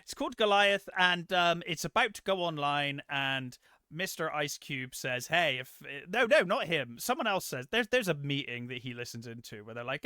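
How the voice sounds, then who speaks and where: A man's voice: a little high, animated, normal speed, bright, forceful tone, no room sound, studio quality. A man co-hosting a film review podcast, rambling and sarcastic, swearing freely in casual chat. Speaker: podcast co-host.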